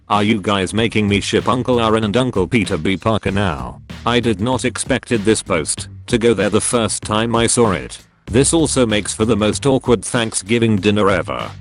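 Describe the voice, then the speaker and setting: A man narrating funny online posts in a read-aloud comedic style. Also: on the low side.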